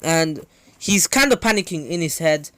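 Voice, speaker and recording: A young man casually telling a fan-fiction story, rambling with frequent self-corrections and throat clearing. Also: a little high, lively intonation, moderate pace, fairly bright tone.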